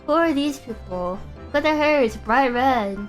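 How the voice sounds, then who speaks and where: A woman's voice: high voice, expressive, moderate pace, soft background music. A woman streamer playing a game, reacting with giggly, chatty remarks and reading dialogue aloud.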